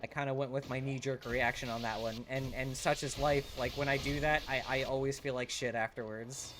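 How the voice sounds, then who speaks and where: A man's voice: mid-range voice, steady tone, fairly quick, fairly bright tone, a little hiss or hum. A young man streaming a video game, chatting casually with his viewers in a rambling, profane way full of restarts. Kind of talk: casual live-stream chat while playing.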